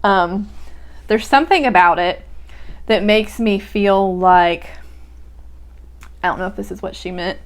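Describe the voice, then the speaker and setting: A woman's voice: medium pitch, unhurried, long pauses. A young woman reading a poem aloud and musing over its lines in a casual, reflective way. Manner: reflective, musing, many "like" and "um" fillers. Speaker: poetry podcast host. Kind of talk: casual poetry reading and commentary.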